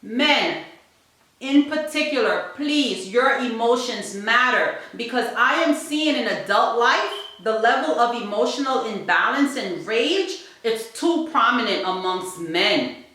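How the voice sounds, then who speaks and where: A woman's voice: a little high, expressive, unhurried, sharp tone. A woman giving an emphatic, preachy motivational talk to parents and repeating points for stress. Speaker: family vlogger. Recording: very echoey room.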